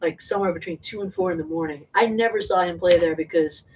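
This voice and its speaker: A woman's voice: lowish voice, fast, a little mellow. A woman casually telling a rambling, laugh-filled story to a small live audience, full of fillers and swearing. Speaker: singer talking to an audience. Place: indoor venue with small audience. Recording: distant mic with faint noise.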